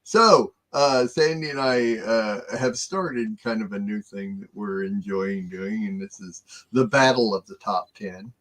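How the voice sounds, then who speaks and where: A middle-aged man co-hosts a relaxed chat show. He talks very slowly, in a halting way full of fillers. He often breaks into soft chuckles. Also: lowish voice. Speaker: co-host. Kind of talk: casual chat.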